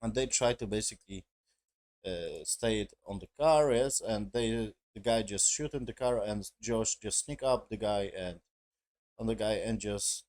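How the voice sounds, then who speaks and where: A man's voice: lowish voice, measured pace, a little mellow. A man giving a casual spoken review, rambling with heavy swearing and broken grammar. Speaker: show reviewer.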